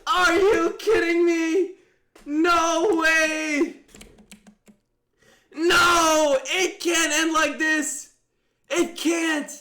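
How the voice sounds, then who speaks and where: A young man commentates live on a mafia game he is playing, his voice very high and bright. He swings between disbelieving shouts and quick muttered reasoning, thinking out loud the whole way. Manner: excitable, exclaiming in disbelief, thinking aloud.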